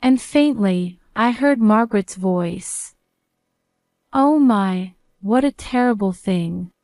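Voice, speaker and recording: Female storyteller, first-person narration; calm, measured, very slow delivery, dry close sound. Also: mid-range voice, smooth, no room sound.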